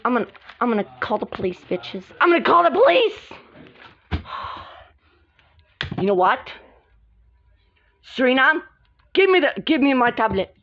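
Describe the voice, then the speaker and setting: In a dull, lo-fi home recording, a woman plays multiple squabbling girls in a homemade doll drama. She switches rapidly from character to character, gasping and yelling through the fights, her high voice very animated.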